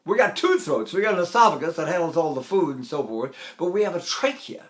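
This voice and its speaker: Animated older male voice teacher, high voice. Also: brisk. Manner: animated, demonstrative, breaks into sung and spoken examples. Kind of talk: vocal technique lecture with sung demonstrations.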